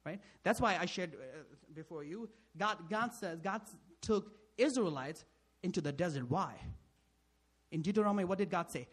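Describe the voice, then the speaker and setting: A man preaching a sermon as a pastor, asking rhetorical questions, tagging lines with "right?", and swinging sharply between loud and soft. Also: high voice, lively intonation, normal speed, husky.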